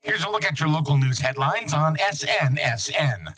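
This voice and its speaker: A man reading local news headlines on the radio in a steady, formal way. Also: a little high, normal speed, breathy edge, dry recording. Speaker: news reader.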